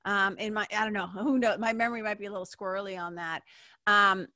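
A Massachusetts woman in her fifties hosts a podcast and wanders through a personal story, laughing often, swearing freely, and leaning heavily on "like." Her mid-range voice is bright and forward, steady in tone and a little fast. The recording is dry and close, with no echo.

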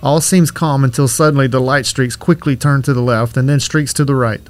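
A man reading a horror story aloud as scripted narration, in a steady, even way. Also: mid-range voice, a little fast.

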